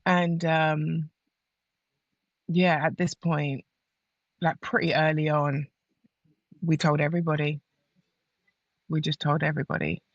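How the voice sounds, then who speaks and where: Gravelly-voiced woman telling her story. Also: sits low, slow pace, pauses often, dry recording, muffled recording. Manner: animated, acts out others' lines while telling a story. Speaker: podcast guest. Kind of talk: casual personal storytelling.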